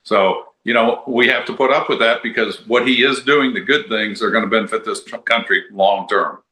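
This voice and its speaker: A man's voice: fairly low pitch, steady tone, normal speed, bright, forceful tone. An older man and podcast co-host talking politics in a rambling, casual way with plenty of fillers. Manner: rambling, conversational, many fillers. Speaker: podcast co-host, former congressman. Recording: roomy echo.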